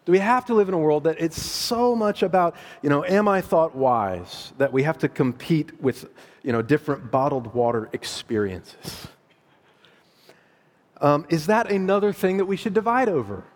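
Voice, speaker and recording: Middle-aged male pastor, chatty animated sermon delivery, slightly higher voice, long hall reverb. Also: normal speed. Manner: conversational, animated, laughs at own asides.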